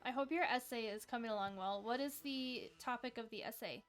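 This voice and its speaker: A woman's voice: a little high, fairly quick. A young woman hosting a casual livestream trivia game, chatty and upbeat, dropping "like" often as she talks to viewers.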